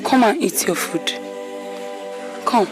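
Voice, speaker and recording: An actress playing a kind young princess in a Nollywood epic, gentle and consoling. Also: female voice, medium pitch, expressive, slow, music in the background. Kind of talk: Nollywood film acting.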